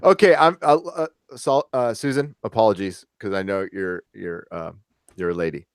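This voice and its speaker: A man's voice: fairly low pitch, normal speed, clean tone, no echo, clean studio sound. A man hosting a podcast, chatting casually in a rambling way with lots of fillers and swearing. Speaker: podcast host. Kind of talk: casual chat.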